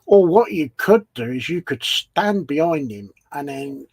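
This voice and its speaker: A man's voice: a little high, sing-song, unhurried, vocal fry, darkish tone, slightly rough, dry recording. A man co-hosting a casual livestream, playful as he puts chatty questions to viewers. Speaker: co-host.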